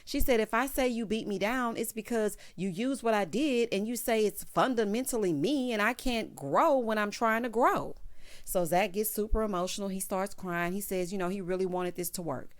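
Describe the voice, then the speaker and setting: A chatty woman with features gives a reality TV recap. Her speech is sassy and conversational, with plenty of asides and "honey" thrown at the people on the show. Her pitch sits in the middle range for a woman. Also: moderate pace. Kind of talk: casual commentary recap.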